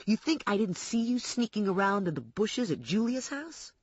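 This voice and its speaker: A woman's voice: big pitch swings, husky, dry recording, muffled recording. A woman doing a taunting male fugitive. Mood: menacing. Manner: taunting, slow and low. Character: menacing young male fugitive with a knife.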